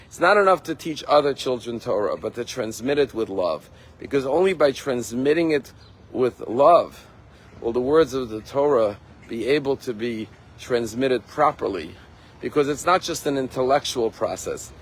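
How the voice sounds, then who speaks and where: A rabbi giving a sermon, telling a story in an earnest, emphatic way. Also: male voice, medium pitch, expressive, moderate pace, husky, rough recording. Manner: earnest, emphatic, acts out quotes.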